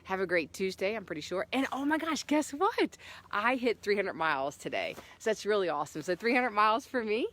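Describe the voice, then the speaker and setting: A middle-aged woman hiker chatting to her camera outdoors on a trail, telling a story with lots of fillers and animated swings. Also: mid-range voice, fairly quick. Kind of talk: casual vlog chat. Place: outdoors on a hiking trail in the morning.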